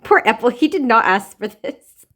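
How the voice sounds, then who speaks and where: A woman's voice: on the high side, normal speed. A woman giving casual, giggly commentary while playing a game, gushing over how cute it is. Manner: giggly, gushing, excitable reactions. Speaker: gaming video creator.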